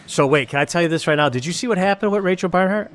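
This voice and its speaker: A man's voice: high voice, racing, a bit bright. An older man from Rochester, New York, with a Western New York accent, hosting a live podcast in a bar and telling long, rambling stories full of swearing. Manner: rambling storyteller, heavy swearing, restarts. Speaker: podcast host. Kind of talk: profane live podcast banter. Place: neighborhood bar.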